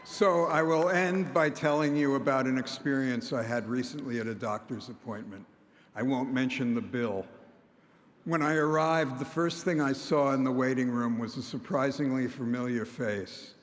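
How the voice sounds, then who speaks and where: An older man giving a prepared commencement speech from a podium, measured and wry, often quoting others. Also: medium pitch, a little hiss or hum. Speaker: commencement speaker. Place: large concert hall. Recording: long reverb of a large hall.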